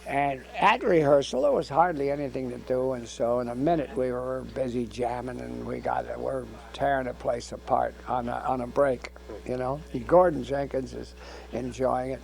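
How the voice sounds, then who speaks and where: An older man being interviewed, telling anecdotes in an animated way and acting out the dialogue. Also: mid-range voice, normal speed, creaky, rough recording. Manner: animated storyteller who acts out dialogue. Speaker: interview guest. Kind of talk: anecdotal storytelling.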